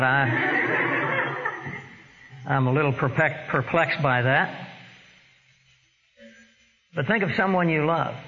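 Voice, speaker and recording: A man preaching a sermon, slow and emphatic, with dramatic pauses. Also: a little high, bright, forceful tone. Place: church sanctuary. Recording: dull lo-fi church recording with long reverb and faint hiss.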